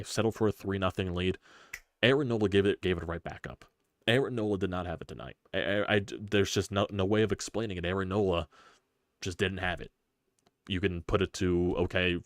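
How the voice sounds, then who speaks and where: A man hosting a live sports stream, ranting in frustration with rapid-fire rhetorical questions and profanity. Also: low-pitched, no room sound, studio quality. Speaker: sports channel host.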